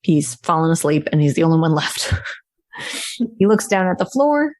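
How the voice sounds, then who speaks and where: A woman's voice: sits low, sing-song, moderate pace, darkish tone, no echo, clean studio sound. A woman casually recapping a film as a podcast co-host, chatty and laughing often. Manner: chatty storytelling with frequent laughs.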